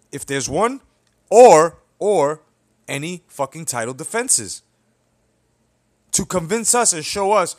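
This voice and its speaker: A young man who hosts a boxing commentary channel, delivering a blunt, heated, profanity-filled rant that keeps checking in with "you know what I'm saying". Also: a little high. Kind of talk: profane ranting opinion video.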